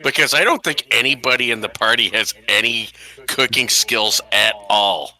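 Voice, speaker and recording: A man's voice: medium pitch, moderate pace, bright, forceful tone, rough recording. A man playing a tabletop game, chatting casually in a joking, wry way. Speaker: player.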